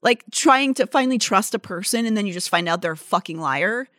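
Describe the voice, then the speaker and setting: A woman co-hosting a casual true-crime podcast, indignant and swearing freely, swinging from quiet mutters to loud outbursts. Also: mid-range voice, lively intonation, fairly quick, no room sound, studio quality. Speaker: podcast co-host.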